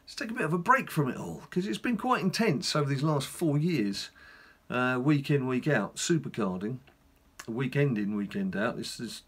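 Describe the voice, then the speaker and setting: A man's voice: mid-range voice, husky. A middle-aged man, casually commenting on his own gameplay in a rambling, chatty way with wry asides. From England. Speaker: gaming channel host.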